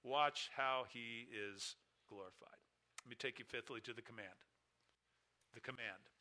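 Very bright-voiced emphatic male preacher. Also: unhurried. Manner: emphatic preaching with wide swings in pitch and volume. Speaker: pastor. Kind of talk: sermon.

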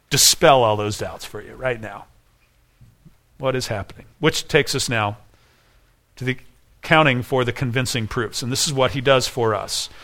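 Um homem pregando um sermão com fervor, fazendo perguntas retóricas à congregação. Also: male voice, mid-range voice, sharp tone. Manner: earnest preaching with rhetorical questions. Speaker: pastor. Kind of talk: sermon.

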